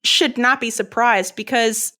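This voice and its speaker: A woman co-hosting a podcast, chatting casually about a cartoon episode, playful and quick to laugh while chiming in. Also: fairly high pitch, bright, forceful tone. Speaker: podcast co-host.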